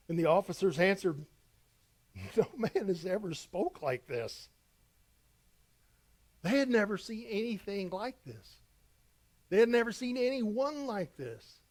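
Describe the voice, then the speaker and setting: Pastor, middle-aged man, verse-by-verse sermon, dramatic scripture reading, fairly high voice. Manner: animated, dramatic reading with emphatic rises.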